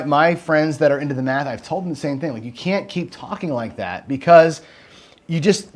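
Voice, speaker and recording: Host, male, fairly high voice, casual and rambling, tags "right?" onto nearly every line, swears freely. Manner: rambling, says "right?" constantly, swears when heated. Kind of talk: casual livestream commentary.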